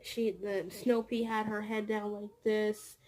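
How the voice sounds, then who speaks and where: A woman's voice: medium pitch, level tone, slow pace, warm tone. A woman vlogger and childcare teacher telling a rambling story about her workday, repeating words and acting out what people said. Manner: rambling, repeats words, acts out quoted dialogue. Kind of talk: casual storytelling vlog.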